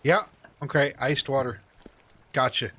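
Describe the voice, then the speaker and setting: A man casually chatting while streaming a game, joking and self-deprecating, thinking out loud. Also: mid-range voice, a little slow. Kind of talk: casual live-stream chat.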